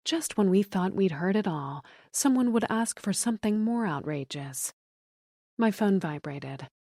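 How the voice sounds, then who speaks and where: A woman narrating a first-person thriller audiobook in a steady, measured way. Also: mid-range voice, dry recording, clean studio sound.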